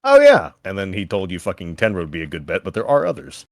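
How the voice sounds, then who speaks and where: A man running a tabletop game as game master, casual and quick to laugh. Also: deep voice, huge pitch swings, creaky, no room sound, studio quality. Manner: casual, laughing, swears freely.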